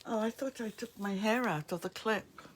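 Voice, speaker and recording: A woman's voice: medium pitch, moderate pace, slight background noise. A woman with a New Jersey accent, hosting a crafts livestream and chatting casually with viewers in the comments. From northeastern US. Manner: chatty, friendly asides to commenters.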